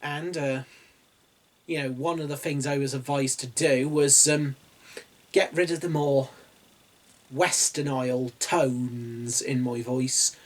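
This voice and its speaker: A man's voice: mid-range voice, steady tone, slow. A man with a posh English accent, hosting a reflective video essay on writing in a musing, digressive way. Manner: musing, digressive, with asides and chuckles. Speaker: writing channel host.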